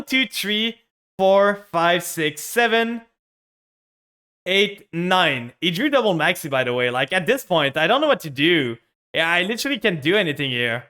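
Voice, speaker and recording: A man's voice: sits high, pushed and bright. A young man streaming a card game, commenting live on his plays and ranting with frustration at his opponent.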